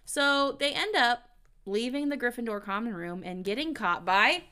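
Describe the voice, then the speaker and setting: A woman co-hosting a podcast, recapping a book in casual chat, giggly and animated. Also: on the high side, moderate pace, smooth. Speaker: podcast co-host.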